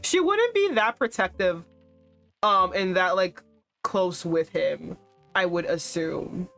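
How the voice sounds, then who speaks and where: A woman streaming a dating game, reading its text aloud and reacting with animated, laughing remarks. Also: lowish voice, takes it slowly, gravelly, soft background music.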